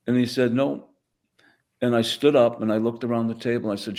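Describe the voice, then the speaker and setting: A man, a guest on a podcast telling a story from his own life. He speaks at a middle pitch for a man. He acts out the lines of everyone in the story as he tells it. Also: fairly even intonation, a little fast, a little mellow. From the Bronx, New York. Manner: vivid storyteller acting out dialogue. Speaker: guest, former teacher. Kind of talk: conversational storytelling.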